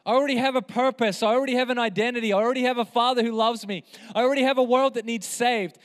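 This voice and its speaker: High-voiced impassioned man preaching in a hall. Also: fairly even intonation, quick pace. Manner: impassioned, emphatic, repeats phrases. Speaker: pastor. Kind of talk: sermon. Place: church hall. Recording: reverberant hall.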